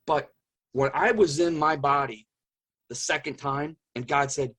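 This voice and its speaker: Middle-aged man, husky timbre, earnest interview storyteller, hushes at the intense beats. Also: a little high, a little slow. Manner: earnest, repeats phrases for emphasis, drops to a hush at intense moments. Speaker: guest telling his near-death experience.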